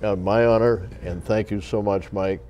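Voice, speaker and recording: A male host opens and steers a television interview, speaking in a measured, courteous manner. His voice sits low and has a dark, mellow tone, and he pauses often on hesitant "uh"s. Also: fairly even intonation. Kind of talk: interview hosting.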